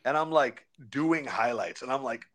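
A young man, a sports broadcaster, chatting in an interview, telling stories with slang and quick impressions of colleagues. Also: mid-range voice. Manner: animated storyteller, slangy, does quick impressions. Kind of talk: casual interview chat.

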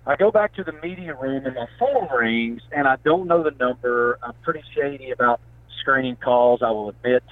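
A man with an Appalachian accent, a guest telling stories in a casual interview, animated and folksy. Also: mid-range voice, moderate pace, no room sound. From southwest Virginia, Appalachia. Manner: animated storytelling, says man and brother. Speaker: guest, sports reporter. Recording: tinny phone-line sound.

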